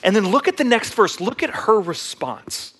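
A man with a fairly high voice preaches a sermon. He retells scripture in a casual, conversational storytelling manner and speaks to his congregation as if chatting with friends. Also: big pitch swings, normal speed, fairly bright tone, slightly rough. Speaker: pastor.

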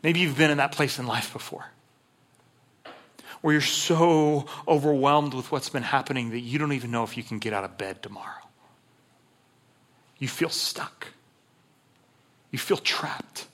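Bright, earnest male preacher. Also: medium pitch. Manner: earnest, conversational, repeats words. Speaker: pastor. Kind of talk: sermon.

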